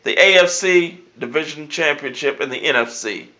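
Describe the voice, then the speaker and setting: A man's voice: on the high side, normal speed, sharp tone. A man hosting his own sports commentary vlog, making brash, emphatic predictions and repeating his catchphrases. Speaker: sports show host. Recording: dull lo-fi recording.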